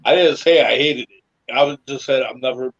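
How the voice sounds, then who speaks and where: A man's voice: medium pitch, normal speed, lo-fi sound. A man co-hosting a casual podcast chat, telling a long, rambling story with lots of restarts. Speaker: podcast co-host.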